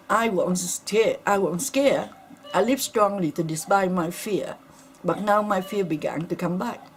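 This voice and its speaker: A middle-aged woman speaking in halting, non-native English, giving earnest and shaken testimony in an interview. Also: mid-range voice, a little hiss or hum. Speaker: interviewee, attack survivor. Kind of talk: emotional personal testimony.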